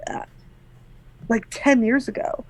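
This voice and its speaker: A woman running and playing in a tabletop game, explaining things in a relaxed way. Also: a little high, slow pace. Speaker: game master.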